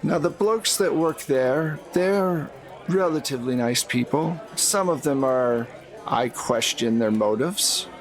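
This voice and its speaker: A man's voice: medium pitch, slow pace, faint music behind, natural voice. A man playing a shrewd seventy-two-year-old woman in a tabletop game. She speaks in a wry, world-weary way and haggles hard.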